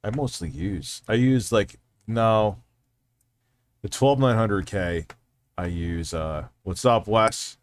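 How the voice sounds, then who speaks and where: A man's voice: lowish voice, slow. A man hosting a casual livestream, rambling and swearing freely while reading out chat messages. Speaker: livestream host.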